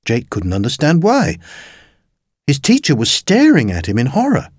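A man reading a children's story aloud in an expressive, playful way. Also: mid-range voice, normal speed, slightly rough, no room sound, studio quality. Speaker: narrator.

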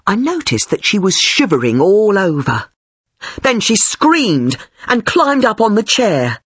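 A woman narrating a first-person story as scripted reading, expressive and deliberate. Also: deep voice, breathy edge, dry recording, studio quality.

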